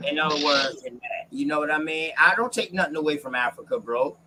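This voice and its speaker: A man's voice: fairly high pitch, brisk, noisy background. A man talking bluntly and with profanity in a casual panel discussion over a video call.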